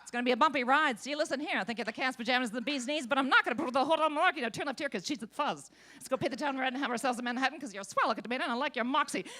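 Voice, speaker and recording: A woman's voice: sits high, racing, few pauses, pushed and bright. A woman voicing a car GPS as a 1940s femme fatale, with slangy hard-boiled patter. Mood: sultry.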